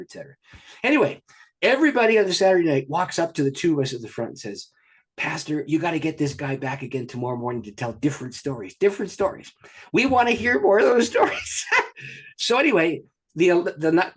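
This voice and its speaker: A pastor, a man, telling a story as a guest in an interview, in an animated and excited way. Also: mid-range voice, breathy edge.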